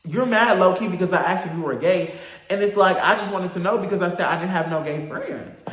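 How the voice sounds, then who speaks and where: A young man telling a storytime story in a casual, animated, profane and campy way, acting out the other people. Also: sits high, fairly quick, reverberant. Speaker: storyteller vlogger.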